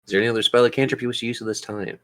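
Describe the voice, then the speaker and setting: A man running a tabletop role-playing game as game master, lively and encouraging, laughing easily with his players. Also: medium pitch, racing.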